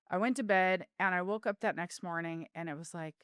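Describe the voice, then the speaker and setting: A woman's voice: medium pitch, steady tone, normal speed, a bit bright, clean tone, no room sound, studio quality. A middle-aged woman telling a personal story as a podcast guest, in an earnest, heartfelt way. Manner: earnest, heartfelt, with vivid retelling.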